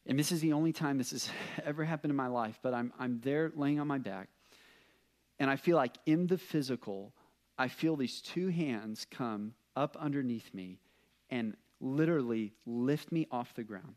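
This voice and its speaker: A man's voice: medium pitch, moderate pace. A young adult man, a pastor, preaching a sermon as an earnest personal story, often restarting his words.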